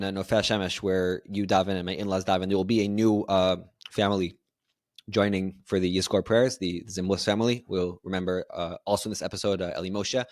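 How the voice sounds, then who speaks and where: A man hosting a podcast interview, asking measured, earnest questions. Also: on the low side, dry recording, clean studio sound. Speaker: podcast host.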